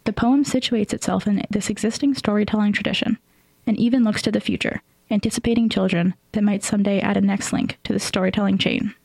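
A woman host reading scripted commentary and announcements in an even delivery. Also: mid-range voice, quick pace, vocal fry, dry recording, poor audio. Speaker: radio show host.

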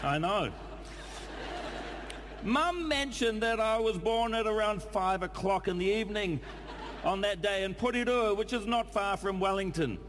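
A man with a New Zealand accent reading a letter aloud in a dry, deadpan comic style. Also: sits high, measured pace, long reverb tail, background noise.

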